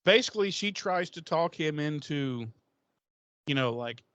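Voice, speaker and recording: A man co-hosting a casual podcast, retelling scenes in an animated way, swearing freely and acting out the characters' lines. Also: a little high, measured pace, dry recording, lo-fi sound. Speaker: podcast co-host. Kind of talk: casual recap chat.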